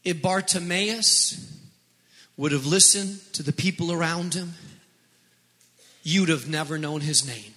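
High, bright-voiced man preaching in a hall. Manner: impassioned preaching, repeating phrases. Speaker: pastor. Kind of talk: sermon. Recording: long echo of a large hall.

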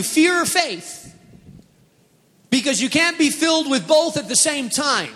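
The voice of this male pastor is very high-pitched and fairly bright, sounding as if in a big room. During his sermon he acts out Bible stories with panicked voices and directly questions the congregation.

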